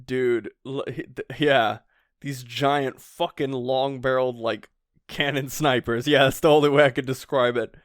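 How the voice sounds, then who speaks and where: A man co-hosting a podcast, chatting excitably, laughing often and swearing casually. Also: medium pitch, a little slow, no echo, studio quality. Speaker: podcast co-host. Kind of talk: casual chat recapping a manga chapter. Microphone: podcast microphone.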